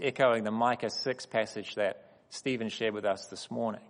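A man giving a sermon in a measured, emphatic way, pausing deliberately between phrases. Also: on the low side, fairly even intonation. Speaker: guest speaker at a church. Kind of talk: sermon with personal stories. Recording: long reverb of a hall.

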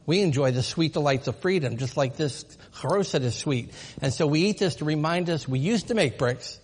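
A man's voice: a little high, animated, brisk, husky. Man teaching in a reverberant hall. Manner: explains patiently, asks rhetorical questions. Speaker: presenter of a Passover seder demonstration. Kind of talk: live teaching demonstration. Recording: long reverb of a large hall.

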